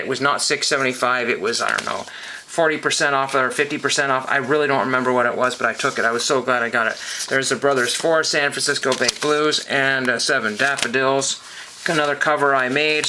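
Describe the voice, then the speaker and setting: A man with a middle-pitched voice rambles through his record collection, stopping often with ums and correcting himself. Steady clicking and shuffling of sleeves sits clearly behind his talk. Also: background noise. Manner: rambling, hesitant, full of ums and self-corrections. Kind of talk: casual show-and-tell monologue.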